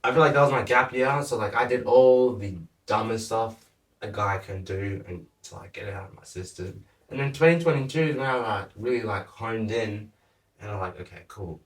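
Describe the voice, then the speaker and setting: A young man, a podcast guest, chatting casually with a relaxed, laughing manner and a lot of "like". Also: fairly low pitch, moderate pace. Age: young adult. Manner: laid-back, laughs often, lots of "like". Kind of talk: casual chat. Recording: echoey room, mic at a distance.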